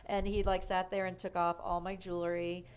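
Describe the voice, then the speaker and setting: A woman's voice: on the low side, normal speed, a little hiss or hum. A woman, a comedian guest, telling stories in a casual interview, talking with lots of "like" and "you know" fillers. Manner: animated, filler-heavy storytelling with frequent "like" and "you know".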